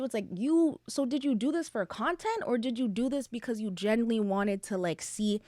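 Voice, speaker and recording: A woman's voice: a little high, lively intonation, fast, hardly any pauses, no echo, clean studio sound. A young woman hosting a casual solo podcast, chatty and opinionated, full of "like" fillers. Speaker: podcast host.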